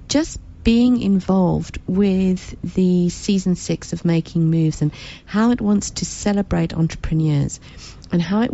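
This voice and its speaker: A woman's voice: medium pitch, creaky, dark tone, lo-fi sound. A woman hosting a radio talk show, direct and encouraging as she speaks to listeners. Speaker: radio host.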